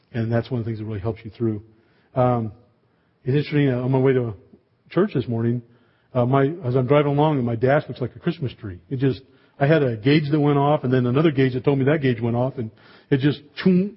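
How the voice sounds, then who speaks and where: Husky-voiced pastor telling a story. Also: male voice, mid-range voice, muffled recording. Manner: storytelling with humor and asides. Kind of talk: sermon.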